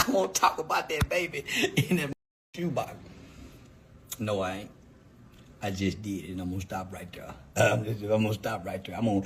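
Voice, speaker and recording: A man taunting someone in a livestream rant, breaking into cackles again and again. His voice sits fairly high and swings widely up and down as he mocks. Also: bright, forceful tone, a little hiss or hum. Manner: mocking, cackles often between lines.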